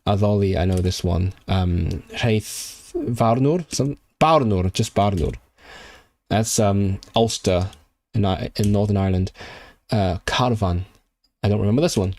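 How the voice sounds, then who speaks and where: Measured and a little mellow, a lowish male voice belongs to a man from Hong Kong. He's on a casual live stream at his indoor computer, reviewing language flashcards while thinking aloud, often restarting and using fillers.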